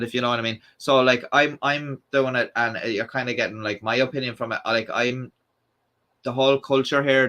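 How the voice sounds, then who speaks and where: A man's voice: medium pitch, sharp tone. A young Irish man hosting a live stream, chatting casually and reading out viewer comments, with lots of fillers and restarts. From Ireland. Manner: rambling, many fillers and restarts.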